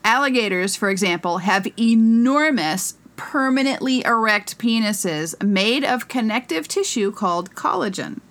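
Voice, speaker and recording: A woman with a slightly high, fairly bright voice and lively intonation co-hosts a casual comedy podcast. She reads an article aloud jokingly and haltingly, stumbling over hard words.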